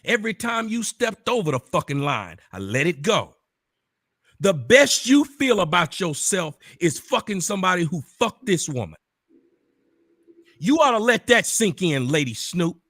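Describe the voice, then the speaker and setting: Furious profane man, high and lively. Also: normal speed, dry recording, studio quality. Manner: profane, confrontational, repetitive; bursts into shouting. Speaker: online commentator. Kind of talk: angry direct-address rant.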